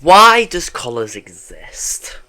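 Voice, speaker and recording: A man's voice: fairly high pitch, big pitch swings, takes it slowly, bright, forceful tone. Rambling guy podcasting solo. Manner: rambling, sighing, talking straight to the listener. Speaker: podcast host.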